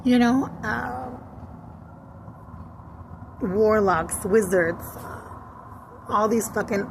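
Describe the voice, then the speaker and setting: A woman's voice: medium pitch, drawn-out words, creaky, background noise. A woman venting bluntly in a casual monologue, cursing and switching into Spanish. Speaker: vlogger.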